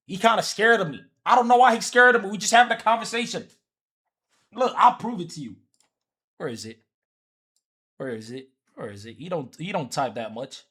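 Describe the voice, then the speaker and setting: A man's voice: on the high side, lively intonation, a little fast, a bit bright, husky. A man from Africa chatting casually on a livestream, teasing people and repeating himself as he talks back to his chat.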